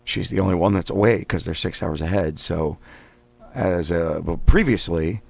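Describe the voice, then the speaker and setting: A man hosting a guided voice exercise lesson, calmly counting through repetitions between loud, sharp drill sounds. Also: low voice, moderate pace, creaky. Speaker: host leading daily voice exercises.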